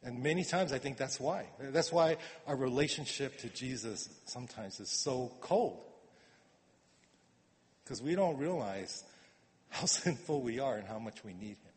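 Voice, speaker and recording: A man preaching a sermon in a conversational way, repeating words and swinging from quiet asides to emphatic urging. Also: mid-range voice, expressive, measured pace. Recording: long reverb of a hall.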